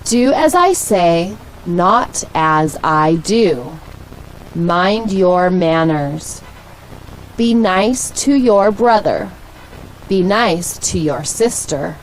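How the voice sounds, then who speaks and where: A woman with an American accent reading short English sentences aloud for learners, slowly and with clear enunciation. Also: fairly low pitch, lively intonation, slight background noise, low-quality recording. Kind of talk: slow, deliberate read-aloud for learners.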